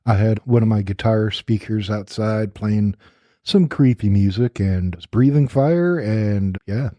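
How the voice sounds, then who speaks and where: A man's voice: fairly low pitch, unhurried, mellow, dry recording. A man co-hosting a casual podcast in a studio, joking around and reading out trivia with playful voices. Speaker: podcast co-host. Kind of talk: casual banter. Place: recording studio.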